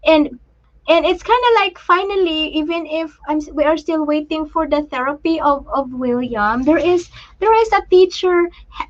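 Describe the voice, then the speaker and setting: High-voiced woman, halting and emotional. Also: dull audio. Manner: emotional, halting, many restarts; shows materials to the camera while talking. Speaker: livestream host and parent. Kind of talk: casual live chat.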